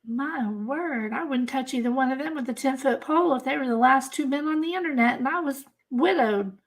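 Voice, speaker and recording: A woman's voice: sits high, a little fast. A woman hosting a crime channel livestream. She talks casually to her chat, in an emphatic, exasperated way, and she repeats herself for effect. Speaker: host of a crime-case channel.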